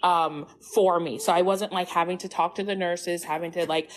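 Brief: young woman guest, lowish voice, chatty phone call-in, earnest. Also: fairly even intonation, normal speed, slight background noise. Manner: chatty, earnest, explaining from experience. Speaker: guest mother. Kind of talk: casual call-in chat.

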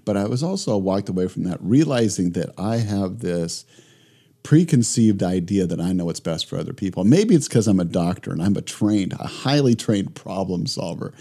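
A middle-aged man, a guest in a remote interview, telling stories in a lively conversational way and acting out both sides of his conversations. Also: lowish voice, husky. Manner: animated storyteller who acts out both sides of conversations. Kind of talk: reflective conversational storytelling.

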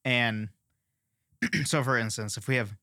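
A man teaching songwriting in a casual, opinionated and animated way, prone to rants. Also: medium pitch, slow pace.

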